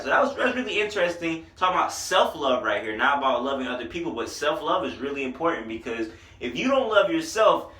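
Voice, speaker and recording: A man reviewing an album in a loose, slangy vlog, getting excited over the lyrics. His voice is bright and a little high. The recording is roomy and sits back from the mic. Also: brisk, recorded from a distance. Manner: animated, slangy, hypes lines excitedly. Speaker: music reviewer.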